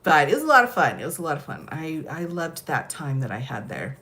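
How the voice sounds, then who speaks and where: A middle-aged American woman telling stories in a casual chat, laughing often and animated. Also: low voice, a little fast, slight background noise. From United States. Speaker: host.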